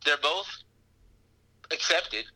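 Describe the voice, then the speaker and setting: A man's voice: fairly high pitch, expressive, drawn-out words, bright, forceful tone, poor audio. A man chatting casually as a podcast guest, rambling with lots of fillers and restarts. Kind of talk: casual conversation.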